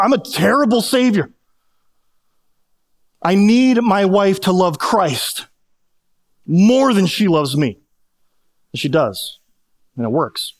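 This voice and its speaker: A middle-aged male pastor giving a conversational sermon, with self-deprecating humor and frequent restarts. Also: high voice.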